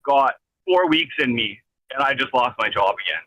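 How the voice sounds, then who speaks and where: A man's voice: mid-range voice, lively intonation, normal speed, sharp tone, no room sound. A man on a phone call from his vehicle, ranting in an agitated, rambling, swearing way with many restarts. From Canada. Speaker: caller. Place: in a vehicle driving.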